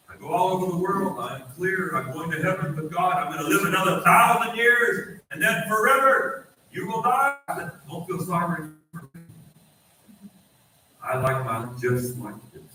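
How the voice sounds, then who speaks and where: A man preaches from the pulpit in a strong, clear, fairly high voice. He tells stories and hammers phrases through repetition. The sound is very roomy and comes from a little way off the mic, with faint hall noise behind it. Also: far from the mic. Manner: animated storytelling, repeating phrases for emphasis. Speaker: pastor. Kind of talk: sermon. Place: church sanctuary.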